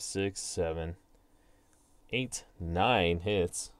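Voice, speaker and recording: A host with a voice on the low side and a clean tone calls a tabletop baseball simulation on his channel, recorded dry. He announces each dice result before narrating the play broadcaster-style, slipping in the odd self-deprecating comment.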